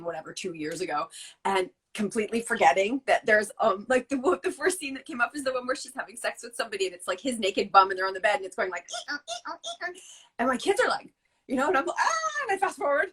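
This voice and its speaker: A woman in her forties, a guest on a chat show, telling animated stories and laughing often. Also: a little high, breathy edge. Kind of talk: casual chat.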